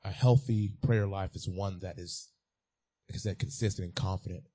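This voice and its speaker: A man's voice: sits low, steady tone, normal speed, dark tone, husky. A man preaching a sermon as a pastor, repeating key phrases and building to emphatic peaks.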